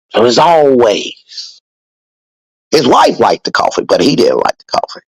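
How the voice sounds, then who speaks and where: A man's voice: fairly low pitch, very animated, normal speed, husky, no room sound, low-quality recording. A man hosting a podcast, talking casually and preachily, with lots of swearing and repeated points. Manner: profane, preachy, emphatic with repetition. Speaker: podcast host. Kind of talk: casual motivational podcast talk.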